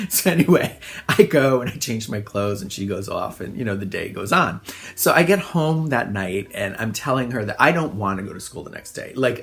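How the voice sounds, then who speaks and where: A middle-aged man telling funny childhood stories in a relaxed monologue, self-deprecating and often laughing. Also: medium pitch. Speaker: host. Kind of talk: casual storytelling monologue.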